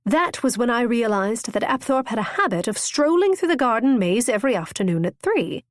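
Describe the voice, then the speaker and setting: A woman's voice: on the high side, sing-song, brisk, no echo, clean studio sound, pitched above the performer's own voice. A woman voicing an impulsive, witty young noblewoman who tells her tale eagerly and theatrically. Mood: lively. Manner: bright, eager, storytelling.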